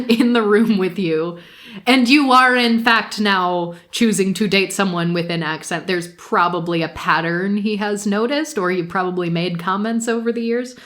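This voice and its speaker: A woman's voice: mid-range voice, a bit bright. A woman co-hosting a podcast, casually recapping reality shows, laughing often and swearing freely. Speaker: podcast co-host.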